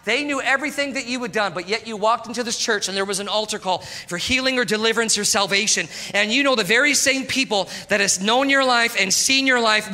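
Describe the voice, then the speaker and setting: A man preaching an animated sermon, his voice sitting very high with a sharp, bright edge. He keeps calling out to the congregation as he talks. The sound rings with long reverb from a church hall. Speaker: pastor.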